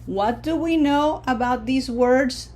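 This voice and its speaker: A woman teaching a recorded Spanish lesson. She explains the rules patiently, step by step, checks in with "okay?" and says the example words slowly and loudly. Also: high voice, soft background music.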